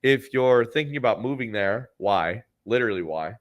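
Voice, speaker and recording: A man's voice: medium pitch, expressive, moderate pace. A man with a mid-range voice telling a story on his podcast in a casual, sardonic way. He swears freely and keeps an offhand, wry tone. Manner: sardonic, profane. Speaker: podcast host.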